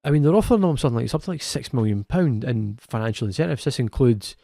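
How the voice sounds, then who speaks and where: A man's voice: medium pitch, lively intonation, gravelly, dark tone, no room sound, clean studio sound. A man co-hosting a football podcast in a casual, chatty way, often restarting his sentences. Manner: chatty, self-correcting, quick laughs. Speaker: podcast co-host. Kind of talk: casual chat.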